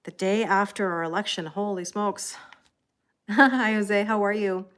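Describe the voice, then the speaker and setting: A woman's voice: medium pitch, fairly even intonation, measured pace, a bit bright, smooth. A tired Canadian woman hosting a tarot livestream in casual chat, greeting viewers by name with frequent ums and light laughs.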